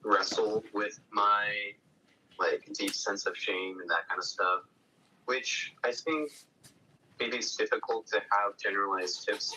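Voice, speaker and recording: A man's voice: fairly low pitch, unhurried, bright, forceful tone, a little hiss or hum, poor audio. A man speaking as a student, hesitant and full of filler words. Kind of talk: casual chat.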